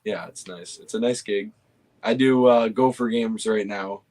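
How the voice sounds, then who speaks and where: A young man chatting casually and easily, often pausing with fillers and restarting his sentences. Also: on the low side, steady tone, darkish tone. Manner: easygoing, hesitant with fillers and restarts. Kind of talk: casual chat.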